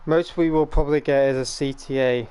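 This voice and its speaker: A young man streaming a game, chatting casually and laughing often, his voice cracking and rough. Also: mid-range voice, steady tone, fairly quick, dark tone. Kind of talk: casual live-stream chat.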